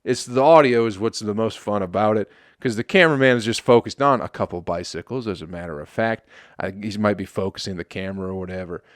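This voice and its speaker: A man's voice: on the low side, fast, no room sound, studio quality. A male comedian from Michigan hosting his podcast in a casual, sarcastic monologue, swearing often and laughing at his own jokes. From Flint, Michigan.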